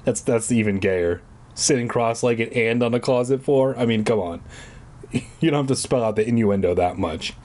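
A man's voice: medium pitch, moderate pace, darkish tone. A young man reads a children's book aloud for laughs, breaking off into sarcastic, mocking asides. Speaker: reader and commentator. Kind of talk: comic reading of a children's book with commentary.

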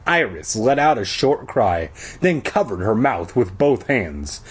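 A man's voice: lowish voice, very animated, a little slow, breathy edge. A man reading a story aloud and breaking off for sarcastic, profane jokes. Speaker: reader. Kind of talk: comedic book reading with crude asides.

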